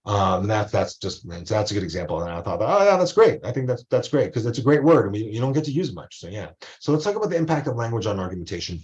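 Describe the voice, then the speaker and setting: Chatty lower-voiced man lecturing online. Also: expressive, quick pace, hardly any pauses, darkish tone, dull audio. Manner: chatty, rambling asides with acted-out quotes. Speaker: college professor.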